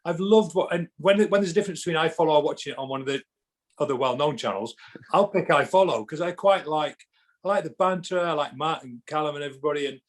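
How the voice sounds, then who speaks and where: Husky-voiced guy on a podcast, chatty, acts out the quotes, lots of restarts. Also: fairly high pitch, quick pace. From England. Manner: animated storyteller, acts out quotes, many restarts. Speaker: podcast guest, actor. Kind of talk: casual chat.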